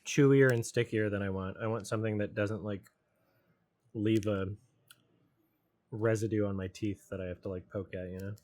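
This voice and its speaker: A man's voice: on the low side, steady tone, normal speed, long pauses, darkish tone. A man casually commenting while watching a film, mumbling asides and puzzled questions between snacks. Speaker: film reviewer hosting a watch-along.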